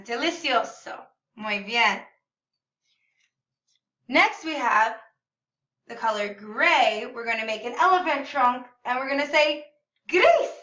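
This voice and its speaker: With a fairly high, bright voice, a woman teaching Spanish records a children's video lesson, speaking slowly and cheerfully with crisp enunciation so kids can echo her words. The setting is a classroom or home room that sounds echoey, and she's a bit distant from the microphone.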